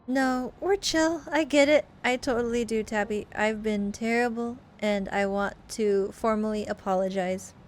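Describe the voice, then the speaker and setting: A woman's voice: medium pitch, steady tone, moderate pace, hardly any pauses, slight background noise. A woman hosting a game playthrough, chatting apologetically and effusively. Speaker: let's play host. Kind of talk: gameplay commentary.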